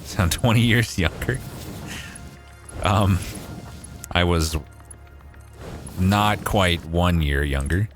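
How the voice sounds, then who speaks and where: A man's voice: deep voice, very slow, long pauses, faint music behind. A man chatting casually on a livestream, swearing freely and saying "like" a lot, recorded on a studio condenser mic at home.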